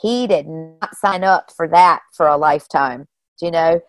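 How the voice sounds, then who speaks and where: A woman guest telling personal stories in a casual, animated way, often saying "you know" and "like". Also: deep voice, a little slow, dry recording. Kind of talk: casual storytelling.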